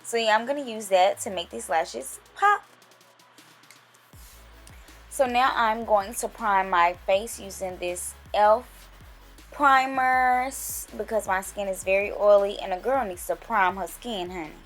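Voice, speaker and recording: A young woman chats her way through a makeup tutorial, speaking straight to her viewers in a relaxed, conversational voice at an ordinary pitch. Soft music plays faintly underneath. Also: measured pace. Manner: chatty, talks straight to viewers. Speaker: beauty vlogger. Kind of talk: casual makeup tutorial narration.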